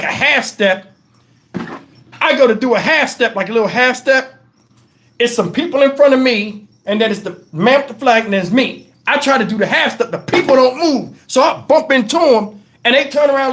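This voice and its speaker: Male livestream host, high voice, loose and profane, laughs mid-story. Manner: animated, profane, laughs through his stories. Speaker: live stream host. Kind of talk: casual storytelling on a live stream.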